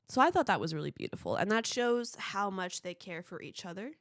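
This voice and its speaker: A young woman hosts a casual movie recap podcast in a medium-pitched voice, gushing and excitable, and she swears casually. The recording is dry and close, with no room sound. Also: normal speed, no echo. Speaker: podcast host.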